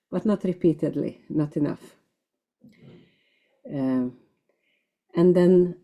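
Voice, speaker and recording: A woman's voice: low-pitched, mellow. A woman leading a scripture class, explaining terms step by step with frequent ums and uhs. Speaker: class teacher.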